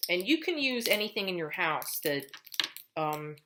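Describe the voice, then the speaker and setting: A woman's voice: lowish voice, big pitch swings, unhurried, background noise. A woman speech teacher explaining patiently to parents, step by step, how to build a child's language at home. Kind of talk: instructional lesson for parents.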